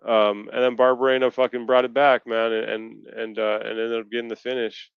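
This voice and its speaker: A man's voice: medium pitch, little pitch movement, fairly quick, gravelly, clear, resonant tone, no echo. Profane ranting man on a dull stream. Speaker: podcast co-host. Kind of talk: casual post-fight chat. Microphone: video call.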